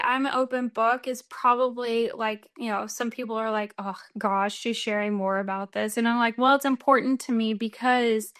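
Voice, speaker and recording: An American woman from Texas talks as a podcast guest, with a fairly high voice. She tells her running stories in a chatty, animated way and laughs easily between the lines. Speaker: guest runner. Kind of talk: casual podcast interview.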